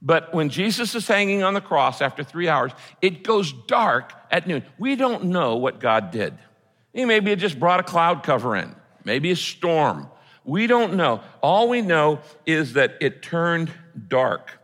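A man preaching a sermon as pastor, earnest, swinging from loud cries to hushed quoted words. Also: on the high side, sing-song, measured pace. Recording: long reverb of a large hall.

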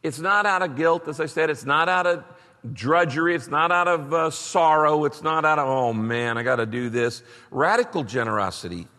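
Male pastor, slightly high voice, emphatic sermon delivery, long hall reverb. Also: animated, normal speed, pushed and bright. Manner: emphatic preaching with rising bursts.

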